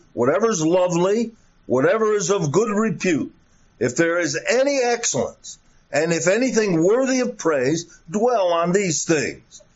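Slow, high-voiced man preaching a sermon. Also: dull audio. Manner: reads scripture aloud, then expounds with deliberate repetition.

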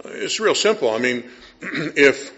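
A middle-aged male pastor preaching a sermon, acting out scenes and voices, dropping to a hush and then rising loud. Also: fairly high pitch, expressive, slow, muffled recording.

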